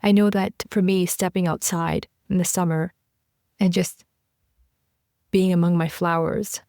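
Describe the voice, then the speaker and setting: A woman's voice: lowish voice, fairly even intonation, a little slow, a little mellow, no room sound, clean studio sound. A woman hosting a podcast interview, affirming her guest and sharing personal anecdotes. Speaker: podcast host. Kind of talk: casual interview chat.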